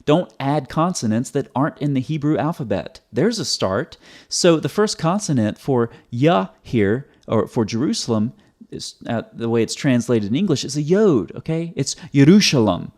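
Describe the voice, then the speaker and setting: A man's voice: mid-range voice, very animated, moderate pace, a little mellow. Sarcastic man explaining step by step. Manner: sarcastic, methodical, repeats words. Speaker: video commentator. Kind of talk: explanatory video commentary.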